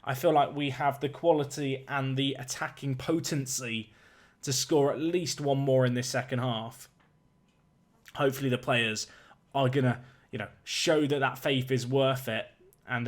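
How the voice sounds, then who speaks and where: Calling the action in a football management game, this young man keeps things lively and grows more excited on the big chances. His voice is mid-pitched and he talks at a normal speed.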